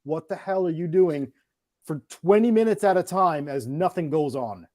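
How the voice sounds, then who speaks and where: A man co-hosting a casual review podcast, animated and jokey with some swearing. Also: on the high side, normal speed, no room sound, clean studio sound. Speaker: podcast co-host.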